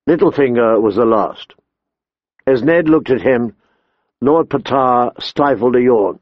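A man narrating an audiobook in a slow, measured way. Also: medium pitch, expressive, no room sound, muffled recording. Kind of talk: scripted narration.

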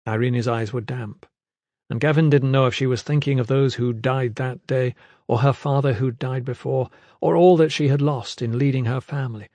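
A male audiobook narrator with a mid-range voice, reading in a measured, dramatic manner. The recording is close and dry, with no room sound. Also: mid-range voice, fairly even intonation, a little mellow, no echo. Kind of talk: scripted narration.

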